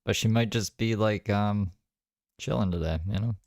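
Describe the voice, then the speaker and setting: A man's voice: fairly low pitch, steady tone, normal speed, very noisy. A man giving casual, wry commentary on videos, musing aloud and talking to his viewers.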